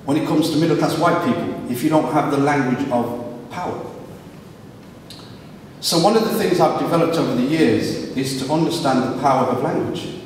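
A man's voice: on the high side, moderate pace. Middle-aged man from England in an echoey hall. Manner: animated, slips into street voices for quotes. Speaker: guest speaker, criminologist. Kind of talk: storytelling talk to a live audience. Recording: echoey hall, voice from far off, faint noise.

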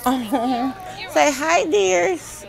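A woman's voice: high-pitched, animated, very slow, gravelly, crowd noise, noisy background. A woman filming a casual vlog in a pet store, cooing at puppies. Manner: cooing, baby-talk at puppies. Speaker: vlogger.

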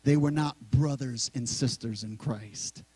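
A man's voice: medium pitch, darkish tone, slightly rough, no echo, poor audio. Man preaching a conversational sermon, dry sound. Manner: conversational preaching, repeating key words slowly. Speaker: pastor. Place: church sanctuary.

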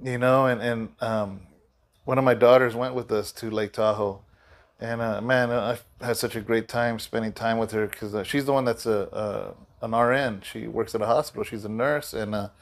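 A man's voice: medium pitch, steady tone, moderate pace. A middle-aged man, a pastor, giving a casual devotional talk in a loose, rambling way with many fillers and restarts, sleepy and yawning.

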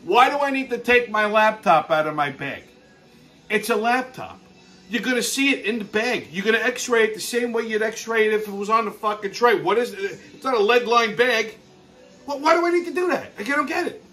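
A man's voice: high-pitched, lively intonation, brisk, bright, forceful tone. Crude, exasperated man ranting. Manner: exasperated, crude, swears constantly. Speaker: podcast host. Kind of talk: profane comedic rant.

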